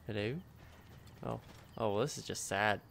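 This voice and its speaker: Gravelly-voiced man swearing at a game. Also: fairly low pitch, steady tone, moderate pace, fairly bright tone, a little hiss or hum. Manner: swears often, frustrated outbursts at the game; rambling storytelling with filler words. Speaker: streamer. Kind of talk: casual gameplay commentary. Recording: game music playing behind.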